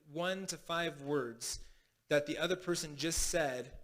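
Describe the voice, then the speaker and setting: A man's voice: a little high, a bit bright. A man preaching as pastor in a casual teaching style, often restarting phrases and checking in with "right?". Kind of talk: sermon teaching. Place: congregation hall.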